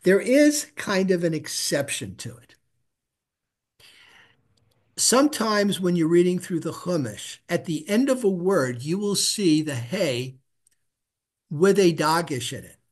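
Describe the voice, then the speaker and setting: A middle-aged man with a somewhat high voice tutors a student in Hebrew reading. He talks casually and patiently, drawing out syllables and repeating them so they can be echoed back. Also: very animated, unhurried, long pauses. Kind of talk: casual one-on-one reading lesson.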